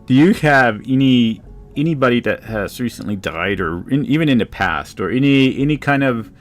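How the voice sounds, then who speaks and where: A man narrating a tabletop game as game master, halting and searching for words. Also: mid-range voice, expressive, soft background music.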